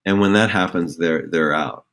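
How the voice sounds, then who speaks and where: Low-voiced thoughtful man explaining acting. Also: normal speed, a bit bright. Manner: reflective, many fillers and restarts, acts out joke voices. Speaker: theater director and acting coach. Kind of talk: conversational podcast explanation.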